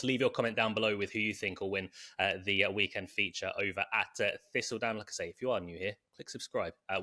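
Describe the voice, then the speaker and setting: A man casually co-hosting a racing podcast, steering the talk and dropping in plugs and quick asides. His voice sits fairly low but sounds bright and clear. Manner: chatty, runs the show with subscribe plugs and quick asides. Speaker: podcast co-host. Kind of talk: casual horse racing preview chat.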